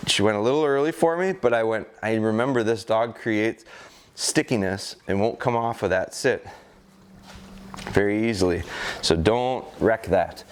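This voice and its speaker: Calm low-voiced American dog trainer. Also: male voice, moderate pace, clean tone. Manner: calm and explanatory, with hesitant fillers. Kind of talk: instructional talk during a training session.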